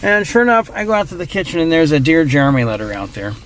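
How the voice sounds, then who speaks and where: A middle-aged man telling a true personal story in a casual, rambling way, getting emotional and trailing off into quiet asides. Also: on the high side, big pitch swings, quick pace, a little hiss or hum.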